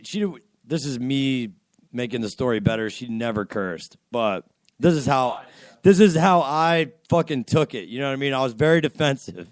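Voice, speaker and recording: A young man hosting a casual home-studio radio show, telling a profane story with animated energy and laughter. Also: medium pitch, moderate pace, dry recording. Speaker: podcast host. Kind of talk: crude casual radio banter.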